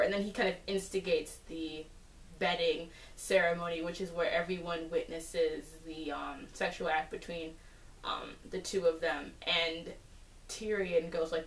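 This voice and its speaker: A woman giving a casual, chatty episode recap, full of fillers and animated asides. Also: lowish voice, moderate pace. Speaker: TV episode reviewer. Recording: roomy, distant from the mic.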